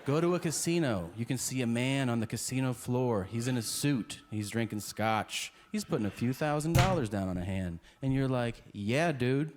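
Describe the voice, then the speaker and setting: Animated man doing stand-up. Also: medium pitch, moderate pace, hardly any pauses, music in the background. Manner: storytelling with voices of people he describes. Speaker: stand-up comedian. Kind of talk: stand-up routine. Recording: noisy stand-up clip.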